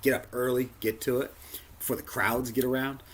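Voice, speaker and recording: A man preaching a sermon, telling a personal story and acting out the dialogue in it. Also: a little fast. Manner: animated, acts out dialogue with big pitch jumps. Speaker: pastor.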